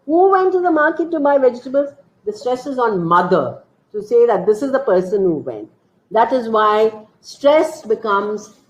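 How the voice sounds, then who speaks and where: A woman with an Indian English accent leads an online teacher training lecture over dull, lo-fi call audio. Her voice sits a little high, and she explains slowly, stressing words and quizzing her listeners. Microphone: computer mic on a video call.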